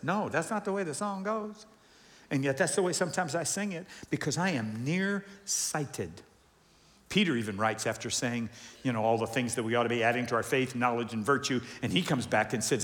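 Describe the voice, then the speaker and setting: A man preaching a sermon to a congregation, animated, asking questions and acting out voices. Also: medium pitch, moderate pace. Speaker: pastor. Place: large church hall with congregation. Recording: long hall reverb.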